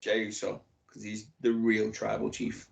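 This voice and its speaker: A man with a low voice and a lot of gravelly fry, co-hosting a casual wrestling podcast. He answers in short, offhand bursts and then speculates about storylines. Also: completely flat delivery, measured pace. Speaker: podcast co-host.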